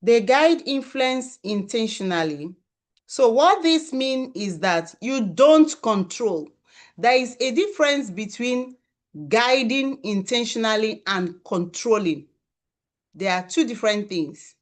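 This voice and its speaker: A woman's voice: on the high side, lively intonation, takes it slowly. A woman giving an emphatic motivational talk to parents, repeating key phrases for stress. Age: adult parent of children. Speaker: parenting speaker.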